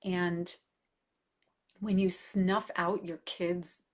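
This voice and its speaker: A woman's voice: lowish voice, little pitch movement, drawn-out words. A middle-aged woman, a parenting coach, talking casually and thoughtfully, with fillers and restarts, as she answers a question. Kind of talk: casual advice talk answering viewer questions.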